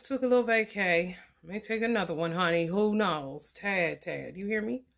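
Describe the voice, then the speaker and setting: A woman's voice: mid-range voice, normal speed, gravelly. A woman, talking loosely and profanely in a casual tarot vlog. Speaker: tarot reader.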